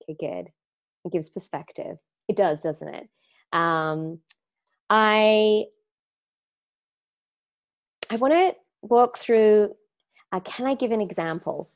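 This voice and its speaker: A woman with an Australian accent giving a live online talk to students, speaking reflectively and conversationally, with frequent fillers and restarts. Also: mid-range voice. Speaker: wellness teacher.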